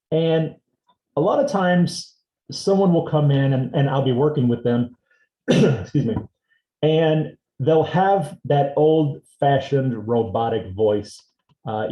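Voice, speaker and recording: A man teaching a seminar on assistive technology, explaining a device demonstration step by step in a relaxed way. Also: medium pitch. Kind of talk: instructional demonstration. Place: indoor seminar room. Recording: roomy echo.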